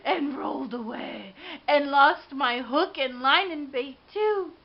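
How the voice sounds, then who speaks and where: A woman giving an expressive, dramatic read-aloud of a children's storybook. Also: high voice, slow pace, gravelly. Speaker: storybook reader. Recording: dull lo-fi with faint hiss.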